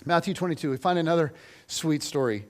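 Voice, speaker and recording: A man's voice: a little high, a little fast. A man preaching a sermon in a church, telling stories animatedly with rhetorical questions and acted-out quotes. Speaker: pastor.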